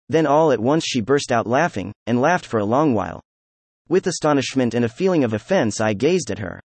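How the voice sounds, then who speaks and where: A man narrating a novel chapter as an audiobook, in a steady, even-paced read. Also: mid-range voice, fairly quick, dry recording. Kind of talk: scripted narration.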